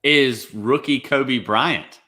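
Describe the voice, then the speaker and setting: A man's voice: mid-range voice, takes it slowly, pushed and bright. A man on a sports panel, talking casually in an emphatic, earnest way.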